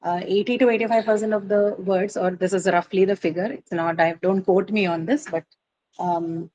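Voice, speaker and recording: A woman's voice: lowish voice, warm tone, low-quality recording. Patient woman teaching a class. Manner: explains step by step, frequent fillers and tag questions. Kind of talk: classroom lecture on word stress.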